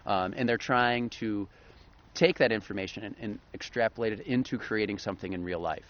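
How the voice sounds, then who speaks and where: A man's voice: lowish voice, a little fast, fairly bright tone. A man co-hosting a podcast, explaining research in an enthusiastic, casual way and laughing easily. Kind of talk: casual chat. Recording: slightly dull lo-fi podcast audio.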